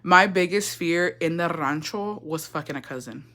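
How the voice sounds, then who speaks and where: Speaking at normal speed in a lowish, fairly bright voice, this young livestream host shares a gossipy, foul-mouthed family story. It's casual storytime chatter, laced with laughter and Spanish phrases within her English.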